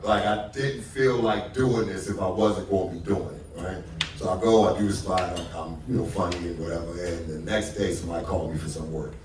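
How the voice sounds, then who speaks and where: A comedian telling stories in casual stage chat, animated and laughing often. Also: male voice, deep voice, brisk, a little hiss or hum. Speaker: comedian on a live stage talk. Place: theater with live audience. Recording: roomy theater sound from a distant mic, audience.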